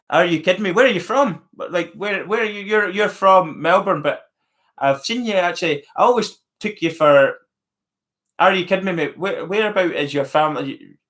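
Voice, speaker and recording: A man's voice: fairly high pitch, a bit bright. A man with a Scottish accent hosting a casual live-stream chat, musing aloud to viewers with plenty of fillers and restarts. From Scotland. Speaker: channel host answering live chat.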